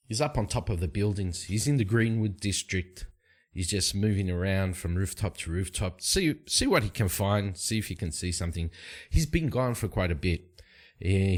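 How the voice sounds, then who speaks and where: A man narrating a solo tabletop game in a casual, rambling way, with frequent fillers. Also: fairly low pitch.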